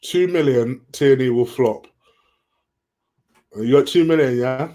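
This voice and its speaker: A man hosts a relaxed live stream and answers viewer questions as he goes. He talks in a loose, chatty way at a middle pitch. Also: slow pace. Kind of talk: casual live stream chat.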